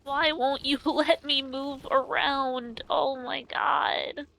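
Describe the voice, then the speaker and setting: A woman's voice: high voice, flat delivery, slow pace, creaky, fairly bright tone. A woman playing a game with a friend, asking curious questions and laughing. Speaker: co-player friend. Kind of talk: casual chat while gaming.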